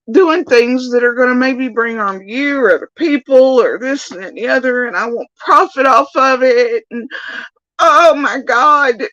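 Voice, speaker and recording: A woman mockingly imitating a whiny, manipulative woman streamer in a shrill, pleading voice. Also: a bit bright, dry recording, low-quality recording. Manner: sarcastic mimicry.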